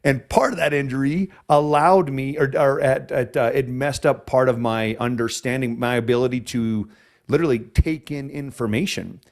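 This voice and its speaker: A man's voice: mid-range voice, moderate pace. A man hosting a podcast interview, a chiropractor who talks in an emotional, rambling way with many restarts.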